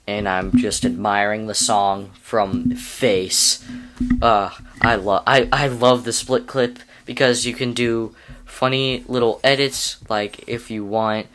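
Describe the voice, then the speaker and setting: A man's voice: lowish voice, fairly even intonation, slow. A young man casually walking through a video editing tutorial, rambling and correcting himself with amused asides. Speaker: YouTube tutorial creator.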